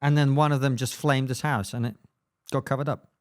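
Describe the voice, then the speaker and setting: A man's voice: medium pitch, fairly even intonation, fairly quick. A man co-hosting a podcast in casual comedic chat, teasing his friend with dry banter. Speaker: podcast co-host.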